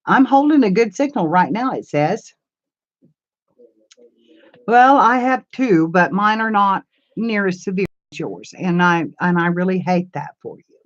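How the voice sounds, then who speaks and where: A woman's voice: medium pitch, animated, unhurried. Older woman rambling on a dull live stream. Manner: rambling, homey, answers viewer comments. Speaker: craft channel host. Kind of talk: casual live-stream chat. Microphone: camera mic.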